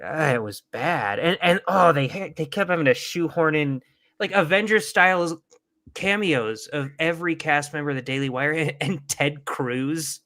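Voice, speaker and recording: Bright-voiced man telling stories animatedly. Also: a little high, normal speed. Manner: animated storytelling, loud mock excitement. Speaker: podcast co-host. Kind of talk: casual chat.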